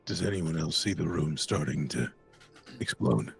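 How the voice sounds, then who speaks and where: A man's voice: rumbling low, expressive, measured pace, creaky, music in the background, voice pushed down, exaggerated voice. A man voicing a huge, seven-foot-tall, earnest and doting man. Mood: worried. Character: gentle giant man, seven feet tall.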